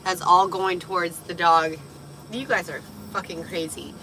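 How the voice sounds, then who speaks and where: A tipsy woman livestreaming from a parked vehicle, giggling, swearing freely and getting excitable, her voice partly lost. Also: fairly low pitch, measured pace, a little hiss or hum, low-quality recording. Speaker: livestream host. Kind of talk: tipsy casual livestream chat.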